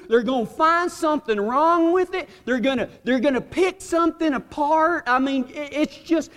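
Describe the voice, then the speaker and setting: A man's voice: very high-pitched, fairly bright tone. A man preaching a folksy, humorous sermon, telling a story with drawling asides and laughing along. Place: church hall. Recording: long hall reverb.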